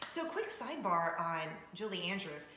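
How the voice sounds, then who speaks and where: A woman's voice: fairly low pitch, very animated, moderate pace, background noise. A woman hosting her own video show in a casual, upbeat chat to camera, laughing often, recorded in her home kitchen. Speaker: vlog host, former radio host. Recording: roomy echo.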